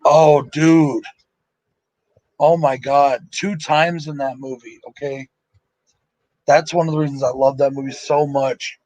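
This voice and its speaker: A man's voice: fairly high pitch, steady tone, a little slow, long pauses, darkish tone, no room sound, poor audio. A man hosting a casual live movie commentary, tired and sleepy, talking in a rambling, emotional and profane way with lots of fillers.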